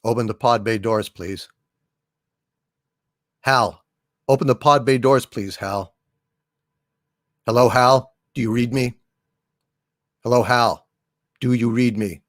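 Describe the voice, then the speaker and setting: A man's voice: medium pitch, steady tone, slow pace, pauses often, no echo, clean studio sound, voice pushed down, lightly acted. A man voicing a tense male astronaut, pressing and urgent.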